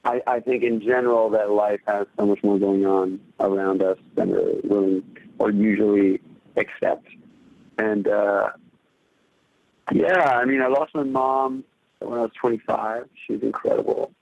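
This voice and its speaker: Gravelly man on a tinny line. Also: on the low side, steady tone, no echo. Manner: quick, halting, thinking aloud. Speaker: interview guest, pop musician. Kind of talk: reflective podcast interview answers. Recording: tinny phone-like dry line.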